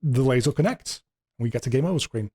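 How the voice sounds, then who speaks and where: A man talks through video game lore in a loose, rambling way, full of ums and casual swearing. His voice is mellow and mid-pitched, and his manner stays relaxed. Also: a little fast, slightly rough. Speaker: podcast host.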